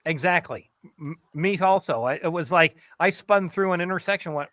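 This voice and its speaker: Male co-host, jokey, animated storyteller; bright tone, dry mic. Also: fairly high pitch, normal speed, no echo. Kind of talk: casual storytelling chat.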